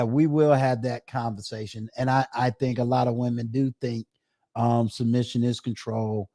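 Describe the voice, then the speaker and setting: A man's voice: medium pitch, mellow, dry recording, studio quality. A middle-aged man hosting a casual live-stream chat, drawing out his phrases with many fillers. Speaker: host.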